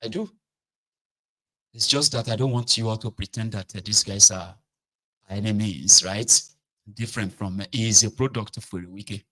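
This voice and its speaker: A man's voice: fairly low pitch, normal speed, pauses often, bright, forceful tone, poor audio. A man giving casual political commentary, talking directly to his viewers and checking in with them often. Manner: conversational, mixes in Pidgin, checks in with "okay? right?".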